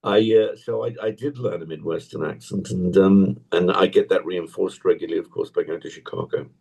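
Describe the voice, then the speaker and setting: Older English actor, gravelly low husky voice, rambling anecdotes on a video call. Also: male voice, fairly even intonation, fairly quick, darkish tone. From England. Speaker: actor guest. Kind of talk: casual interview chat. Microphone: tablet on a video call.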